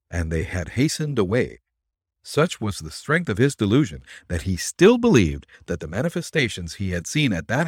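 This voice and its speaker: A man hosting a podcast, reading a classic story aloud in an expressive, theatrical way. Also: lowish voice, husky, no room sound, clean studio sound. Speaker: podcast host and story reader.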